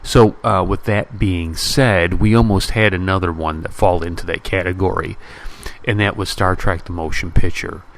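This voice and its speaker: A man's voice: low voice, steady tone, moderate pace. A man hosting a podcast in a casual, blunt style, full of fillers and restarts, building exasperated exaggerated comparisons. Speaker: podcast host. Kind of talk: casual movie-review rant.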